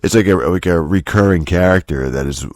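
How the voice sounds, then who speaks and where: A man's voice: low-pitched, a little fast, a little mellow, no room sound, studio quality. A man hosting a solo podcast, rambling and cursing with lots of restarts and fillers. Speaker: podcast host. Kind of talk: casual solo podcast rant.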